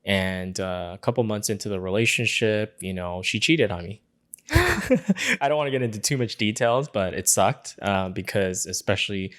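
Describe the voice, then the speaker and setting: A man's voice: fairly low pitch, moderate pace, a bit bright. A young man co-hosting a podcast in casual chat, joking and laughing often. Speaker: podcast co-host.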